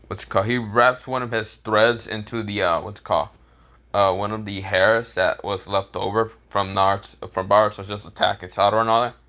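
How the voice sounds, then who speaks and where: A man's voice: fairly low pitch, level tone, a little fast, pushed and bright. A man casually telling a fan-made story, rambling, searching for words and laughing at his own jokes.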